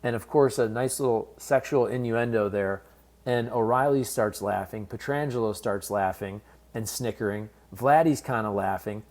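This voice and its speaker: Male sports commentator, casual fan-facing vlog delivery, mid-range pitch, candid. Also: a little mellow. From based in St. Louis. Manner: conversational, candid, fan-focused.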